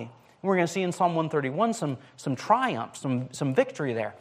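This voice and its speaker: A man's voice: on the high side, big pitch swings, moderate pace. A man preaching a conversational sermon, speaking casually with frequent fillers and restarts.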